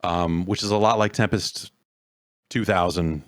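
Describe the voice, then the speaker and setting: A man hosting a casual podcast, rambling and halting, with dry sardonic remarks. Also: low-pitched, fairly even intonation, dry recording. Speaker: podcast host. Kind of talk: casual chat.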